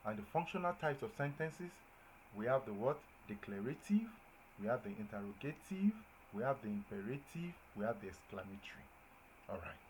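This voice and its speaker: A man's voice: mid-range voice, fairly quick, a little hiss or hum, poor audio. A man teaching a grammar lesson to a class, repeating points and often checking whether his listeners understand. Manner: checks understanding with repeated questions, lively emphasis on examples.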